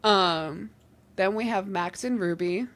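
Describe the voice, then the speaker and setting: A woman's voice: mid-range voice, slow pace, a bit bright. Giggly young woman with a New Jersey accent. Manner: chatty, giggly, acts out quoted dialogue. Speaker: podcast co-host. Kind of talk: casual chat.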